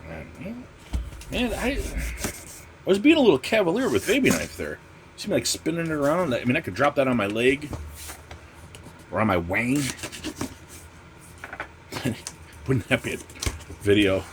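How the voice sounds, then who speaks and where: A man's voice: medium pitch, very animated, unhurried, pauses often, noisy background. A man hosting a casual comic book unboxing vlog, ranting with constant profanity and sarcasm. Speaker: comic channel host.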